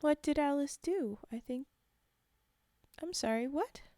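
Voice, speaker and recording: Mellow-voiced woman reading a story. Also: high-pitched, animated, unhurried, no room sound, studio quality. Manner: reads aloud, breaks off to chat with viewers, sometimes whispers. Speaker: streamer reading stories. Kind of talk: casual read-aloud storytelling.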